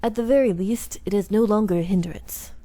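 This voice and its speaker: A woman voicing a composed young samurai man, speaking in a measured, solemn way while reading game dialogue aloud. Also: medium pitch, dry recording, lightly acted. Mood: calm. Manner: measured, solemn, quiet delivery.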